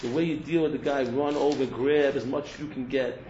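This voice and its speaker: A man's voice: medium pitch, fairly even intonation, brisk, a little mellow, a little hiss or hum. A man, a yeshiva teacher, giving a humorous ethical talk to students. He repeats words and restarts often, mixing in Hebrew terms. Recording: roomy, dull lo-fi recording.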